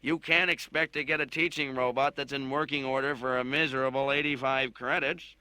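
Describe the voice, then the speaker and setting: A man's voice: medium pitch, steady tone, fairly quick, sharp tone, clean tone, no echo. A man voicing a sneering, blustering male shopkeeper in an audiobook reading. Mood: dismissive. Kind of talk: audiobook narration with character voices.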